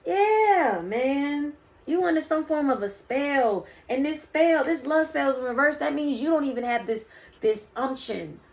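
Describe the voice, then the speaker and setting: A woman's voice: sits high, animated, unhurried, a little hiss or hum. A woman doing a casual spiritual card reading, preaching to her viewers and calling them "y'all" and "baby". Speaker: spiritual reader.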